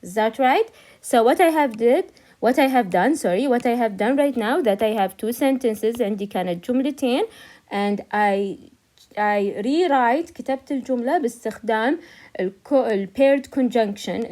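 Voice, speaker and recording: A woman's voice: on the high side, fast talker, warm tone. A woman English teacher, an Arabic speaker, patiently explaining grammar and repeating each point in English and Arabic. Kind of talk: grammar lesson, switching between English and Arabic.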